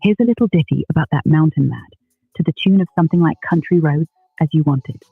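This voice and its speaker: A man's voice: a little high, fast, gravelly, slightly rough, dry recording, narrow, tinny audio, faint music behind. A synthetic male voice with a Northern English accent, an AI co-host bantering in a cheeky, chummy way. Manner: chummy, cheeky, calls people mate. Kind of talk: casual banter.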